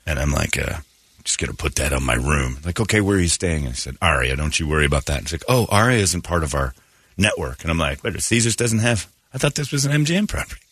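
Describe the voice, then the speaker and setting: A man hosting a morning radio show, telling self-mocking stories in casual chat and acting out quotes loudly. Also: a bass voice, animated, fast, husky, no echo, studio quality. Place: radio studio. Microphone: studio microphone.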